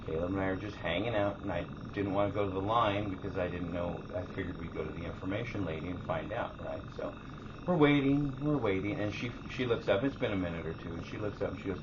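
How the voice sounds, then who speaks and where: A man's voice: deep voice, fast. Swearing man telling a story, lo-fi. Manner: animated storyteller, acts out quotes, swears freely. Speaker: podcast co-host. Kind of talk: casual chat. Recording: dull lo-fi sound with faint hiss.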